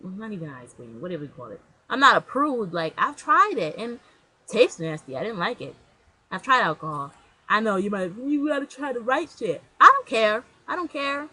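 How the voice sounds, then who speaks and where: Young woman talking to her webcam, bright voice, blunt and slangy, rambles a lot. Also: medium pitch, big pitch swings, brisk, husky, low-quality recording. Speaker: vlogger. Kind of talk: casual chat to camera.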